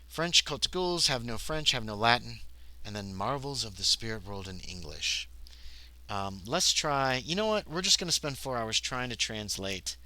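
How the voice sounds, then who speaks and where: A man talks through a solo tabletop scenario on a casual livestream, thinking aloud as he reads out the rules and the dice. His voice is very bright and cutting, and his pitch moves up and down a lot. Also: expressive, moderate pace, no room sound, low-quality recording.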